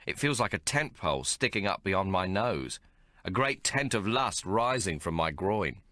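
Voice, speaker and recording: Deep, bright-toned male audiobook narrator. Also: big pitch swings, moderate pace, dry recording, studio quality. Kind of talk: scripted first-person audiobook narration.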